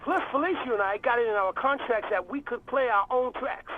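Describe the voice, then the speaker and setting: A man's voice: extremely high pitch, a little fast, faint music behind. An actor playing a laid-back, crude male radio DJ who talks in drawling slang, heard through a phone line in a video game. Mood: stoked. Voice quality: drawling slangy talk, heavy swearing.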